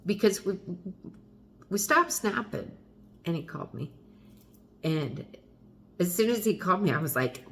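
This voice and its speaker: Frank, low-voiced middle-aged mom vlogging. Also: female voice, animated, normal speed, long pauses, a little hiss or hum. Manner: frank and confessional, with wry asides and mild swearing. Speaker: mother talking to camera. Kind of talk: candid personal vlog.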